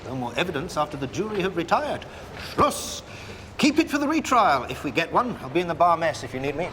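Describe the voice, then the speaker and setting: Dry lawyer, clipped, slightly high, lively voice. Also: male voice, a little fast, slight background noise. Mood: droll. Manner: dry, clipped, with showy foreign phrases. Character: worldly, droll defence barrister man. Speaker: barrister. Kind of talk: TV drama acting.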